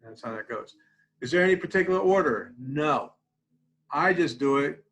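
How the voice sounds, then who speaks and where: An older man, a college support clinician, calmly teaching a tapping technique in a webinar, often dropping to quiet repeated phrases. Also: fairly high pitch, moderate pace, low-quality recording.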